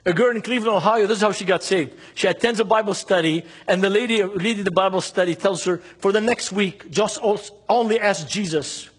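Husky high-voiced man preaching. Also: a little fast, few pauses. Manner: impassioned, fires rhetorical questions at the audience. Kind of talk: sermon.

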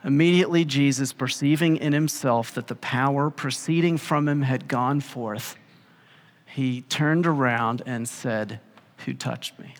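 A man's voice: medium pitch, measured pace. Casual storytelling preacher, man, in a hall. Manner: casual and animated, acting out quotes in plain speech. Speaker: pastor. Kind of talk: conversational sermon with storytelling.

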